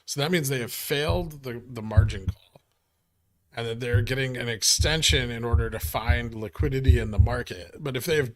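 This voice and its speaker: A man's voice: mid-range voice, normal speed. A man hosting a live stock market stream, talking casually and reading chat aloud, with wry, profane, ranting asides. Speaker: livestream host.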